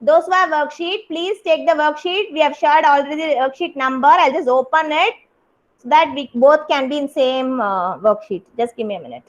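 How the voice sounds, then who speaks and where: A woman teaching a kindergarten class online, talking in an animated, sing-song way for small children over a video call. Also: high voice, moderate pace. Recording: dull lo-fi video call audio.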